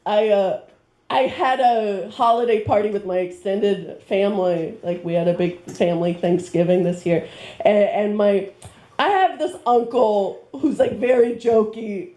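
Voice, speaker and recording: A woman's voice: mid-range voice, steady tone, a little slow, dark tone. A woman performing a stand-up set, rambling with fillers and self-deprecating jokes, on a handheld mic in a comedy club. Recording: roomy club sound.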